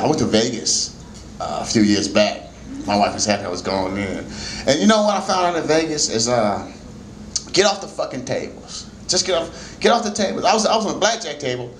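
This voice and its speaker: A man in his forties telling stand-up stories at an open mic in a small jazz club, laughing often and breaking into shouts. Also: on the high side, echoey room, slight background noise, low-quality recording. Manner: loose, laughing storytelling with shouted bursts. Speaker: stand-up comedian. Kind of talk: stand-up comedy set.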